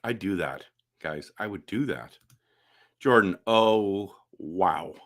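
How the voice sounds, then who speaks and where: A man with a bright, forward voice hosts a relaxed live stream. He answers chat comments one after another, animated and chatty, and often restarts his sentences. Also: sits low, slow. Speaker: livestream host reading chat.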